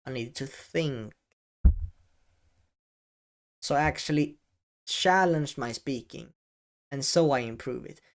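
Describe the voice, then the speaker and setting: Man, educational video creator, advice to camera, deliberate, pausing, stressed key words, mid pitch. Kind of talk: talking-head advice vlog. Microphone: camera-facing setup.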